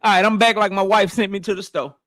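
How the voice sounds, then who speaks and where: A man hosting a boxing live stream from his office, talking loose and profane and shouting out viewers by name. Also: high-pitched, steady tone, quick pace, dry recording, clean studio sound. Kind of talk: casual live-stream chat. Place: home office.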